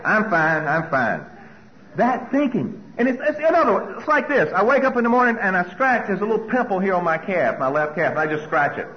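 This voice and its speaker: A man's voice: high-pitched, muffled recording. A man speaking to an audience, telling personal stories and acting out his own anxious thoughts. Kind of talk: storytelling talk to an audience.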